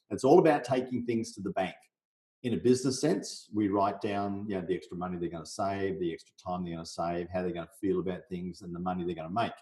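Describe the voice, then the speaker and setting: Middle-aged man, from Australia, podcast guest, business coach, energetic explainer, low mellow voice, roomy echo. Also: quick pace. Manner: energetic, role-plays sales conversations.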